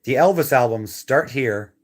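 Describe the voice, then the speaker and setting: A man's voice: medium pitch, lively intonation, normal speed. Chatty co-host man, casual rambling room-tour delivery, phone-filmed live stream at home. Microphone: handheld phone camera.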